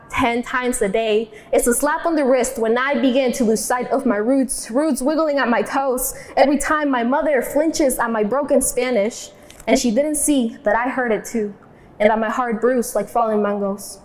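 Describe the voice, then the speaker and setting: Young woman, spoken word poet, higher voice, defiant rhythmic delivery, slips into Spanish. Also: moderate pace. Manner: defiant, rhythmic, switches between English and Spanish. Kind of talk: spoken word poetry performance.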